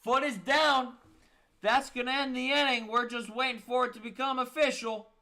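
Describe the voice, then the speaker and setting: A young man streams live baseball play-by-play in a high, bright voice. He sounds a bit tired and keeps it casual, with self-deprecating remarks tucked between the calls. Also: fairly even intonation, moderate pace, gravelly. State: tired, yawning.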